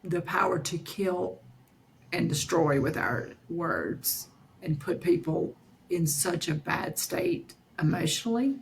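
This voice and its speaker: Slow gravelly woman, earnest. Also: fairly low pitch, animated, slight background noise, rough recording. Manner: slow, earnest, emphatic repetition. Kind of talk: casual talk.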